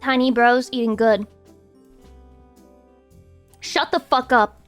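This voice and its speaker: A young adult woman streamer chatting casually with viewers in a playful, teasing way, with sudden squeaky outbursts. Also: steady tone, slow pace, smooth. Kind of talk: casual chat reacting to viewers. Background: faint music.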